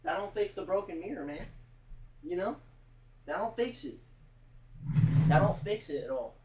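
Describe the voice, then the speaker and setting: A man streaming and talking straight to his chat in a loose, rambling way, leaning on "like" and stuttered restarts. His voice sits a bit higher than most men's, and his tone is earnest. A faint hiss runs under the recording. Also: expressive, moderate pace. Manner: rambling, heavy use of "like", repeats himself; earnest, close to tears at times. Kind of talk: casual livestream monologue.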